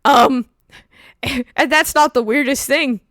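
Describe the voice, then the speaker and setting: A woman hosts a casual livestream chat in a slightly high voice. She tells stories with animated energy and laughs often. Her voice sounds close and dry, with no room echo. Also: slow pace. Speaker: streamer host.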